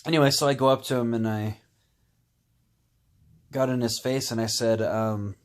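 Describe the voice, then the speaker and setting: A man telling a personal story in a candid, rambling way, pausing with "um" and "you know". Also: medium pitch, fairly even intonation. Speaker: vlogger.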